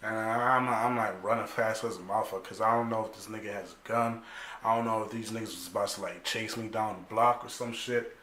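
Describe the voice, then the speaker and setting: Animated young man telling a story in an echoey room. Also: on the low side, brisk, a little hiss or hum. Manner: animated and profane, full of slang, acting out other people's lines. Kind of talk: casual storytime monologue.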